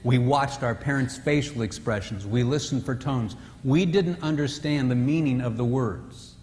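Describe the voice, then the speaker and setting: A man's voice: medium pitch, moderate pace, darkish tone, a little hiss or hum. Joking man speaking in an echoing hall. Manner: joking, acts out quoted spouses in raised voices. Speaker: marriage retreat speaker. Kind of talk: humorous marriage seminar talk. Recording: distant reverberant hall with faint ambience.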